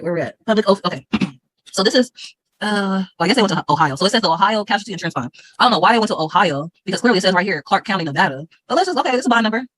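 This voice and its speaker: A woman talks to camera at a rapid clip, with a bright, forceful edge to her voice. She is combative and repeats herself, reading legal text aloud and then speaking straight to her viewers. The sound is dry and close. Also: mid-range voice, dry recording, poor audio. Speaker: vlogger.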